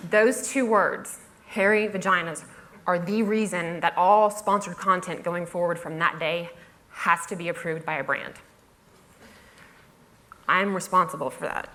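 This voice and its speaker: A woman's voice: mid-range voice, normal speed, a bit bright. Wry woman telling a funny story. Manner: wry, self-mocking, mimics other people's voices; playful comic timing with frequent laughing asides. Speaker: blogger giving a talk. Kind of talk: humorous storytelling talk.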